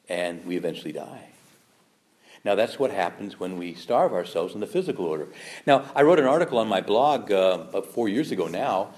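A man giving a Catholic parish talk, animated and humorous, firing rhetorical questions at the audience and acting out the objections people raise. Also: deep voice. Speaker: Catholic speaker.

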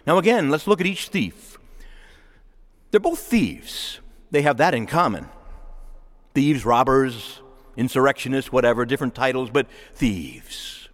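A man's voice: medium pitch, a little slow, long pauses. A male pastor preaching a sermon in a church, voicing quotes as he goes. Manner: animated preaching with acted quotes. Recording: long hall reverb.

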